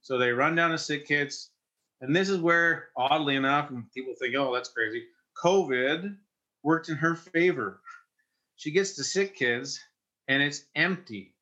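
A Canadian man in his forties, a firefighter, telling an emotional personal story in an interview in a halting way, with many restarts. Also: a little high, bright, forceful tone, highs cut off. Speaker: firefighter and investor.

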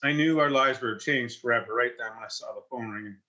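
Canadian guy in his 40s in an interview, lots of restarts, tense bright tone. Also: mid-range voice, highs cut off. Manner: halting, many restarts, chokes up. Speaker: firefighter and investor. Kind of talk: emotional personal story in an interview.

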